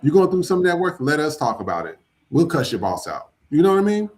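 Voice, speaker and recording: A podcast host with a fairly high, sing-song voice and a darkish tone speaks quickly. He chats loosely and casually with his audience, cursing now and then.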